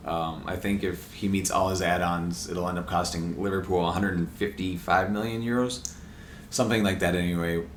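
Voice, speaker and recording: A man with a low voice chats on a podcast, counting down transfers with easy enthusiasm. The room is echoey, and faint noise sits under the voice. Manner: enthusiastic, listing transfers with frequent laughs. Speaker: podcast co-host. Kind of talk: casual soccer chat.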